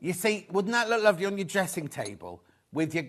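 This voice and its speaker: A man's voice: high-pitched, very animated, fairly quick, fairly bright tone. A man hosting a live shopping show, chatting casually, joking with the crew and reading out viewer messages. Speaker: shopping channel host.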